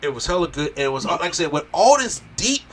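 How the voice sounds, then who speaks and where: A man hosting a casual movie review podcast, talking excitedly and swearing as he acts out scenes. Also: on the high side, quick pace, a little hiss or hum. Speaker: podcast host.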